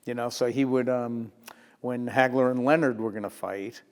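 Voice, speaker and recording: An older man, a retired sports journalist telling lively stories in an interview, often laughing. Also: mid-range voice, moderate pace, smooth, in a large hall. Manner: lively anecdotal storyteller who laughs and acts out quotes. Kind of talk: storytelling in a sit-down interview.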